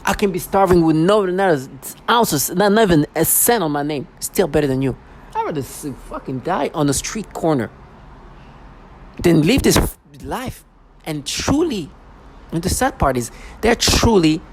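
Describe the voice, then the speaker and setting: A man with a fairly high-pitched voice vlogs an agitated personal rant outdoors on a city street, emotional and repetitive, mocking others with put-on voices. The audio is poor, with faint street noise and vehicles audible.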